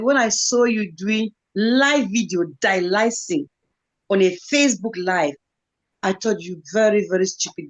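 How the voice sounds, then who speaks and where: A woman's voice: medium pitch, low-quality recording. A woman speaking as a guest in an online live talk, earnest and motivational, repeating phrases for emphasis. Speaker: guest speaker, kidney patient.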